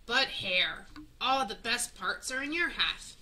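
A woman's voice: a little high, expressive, slow, pushed and bright, exaggerated voice. Woman doing a grumpy, indignant bear. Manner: growling, indignant complaints. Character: grumpy sleepy male bear farmer.

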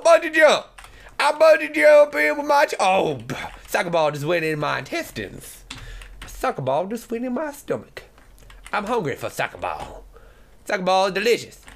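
A young man doing excitable, joking let's play commentary, often shouting and yelping. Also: high voice, moderate pace, gravelly, slight background noise. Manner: excitable, shouts and yelps, jokey. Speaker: gaming commentator.

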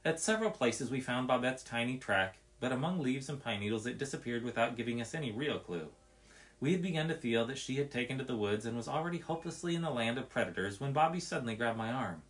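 Man reading a storybook out loud, medium voice, steady and expressive. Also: mid-range voice, fast talker.

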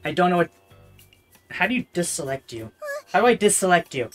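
A woman's voice: fairly low pitch, expressive, normal speed, long pauses, soft background music. A woman streaming a VR game, casually commentating in a bossy, exasperated way, close to a desk microphone at home. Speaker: VTuber streamer. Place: home room, playing standing in VR.

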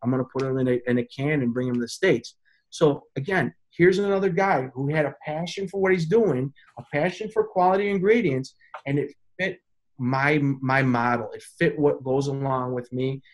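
A man's voice: medium pitch, normal speed. A man, a pizza chef and consultant, telling stories in a casual interview and acting out the voices of people he quotes. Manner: animated, acts out quoted voices.

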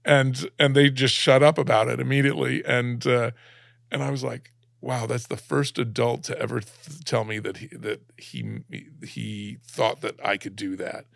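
Middle-aged male guest from Alabama, very gravelly, dry close mic, emotional storyteller with restarts. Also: mid-range voice, steady tone, no echo. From Alabama, USA. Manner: halting, many restarts, close to tears. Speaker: guest, cartoonist.

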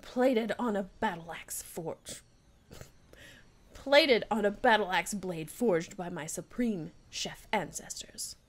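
A woman voicing a pompous rival male chef in a game, speaking slowly in a put-on accent and drawing out her words. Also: medium pitch. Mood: boastful. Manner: haughty, slow, drawn-out. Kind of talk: game dialogue read aloud.

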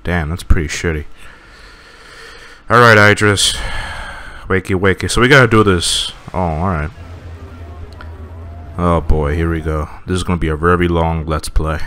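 A man's voice: low voice, steady tone, moderate pace, pauses often, sharp tone. A man doing casual let's play commentary, joking and sarcastic.

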